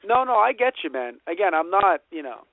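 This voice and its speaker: A man co-hosting a podcast, chatting casually with animated, rambling delivery and plenty of swearing. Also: high-pitched, brisk, no room sound. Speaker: podcast co-host. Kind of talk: casual chat. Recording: phone-like lo-fi audio.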